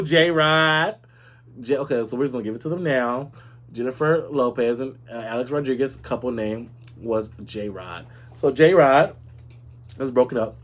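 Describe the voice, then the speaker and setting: A man hosting a casual gossip podcast in a sassy, animated way, calling his listeners girl and baby. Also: medium pitch. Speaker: podcast host.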